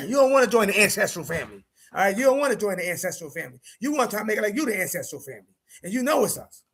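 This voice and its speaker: Man, high voice, gravelly, husky, casual livestream talk, emphatic and repetitive. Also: sing-song, very fast, a bit bright. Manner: repetitive, emphatic, conversational with slang. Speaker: streamer host.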